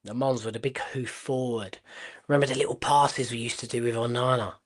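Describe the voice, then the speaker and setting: A man from Portugal who speaks streams a live football watchalong. His voice sits at an ordinary middle pitch. He is blunt and excitable, firing off sudden exclamations and the odd swear word. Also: a little fast. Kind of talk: live match watchalong commentary.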